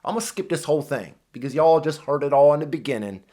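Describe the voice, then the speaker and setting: Animated, swearing man ranting. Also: on the high side, quick pace. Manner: heated, emphatic, heavy swearing. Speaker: commentator reacting to clips. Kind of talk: profane reaction rant.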